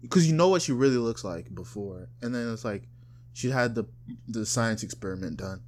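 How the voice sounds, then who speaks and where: A man from South Florida co-hosting a casual chat, loose and profane, often mocking people in high put-on voices. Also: expressive, moderate pace. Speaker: podcast co-host.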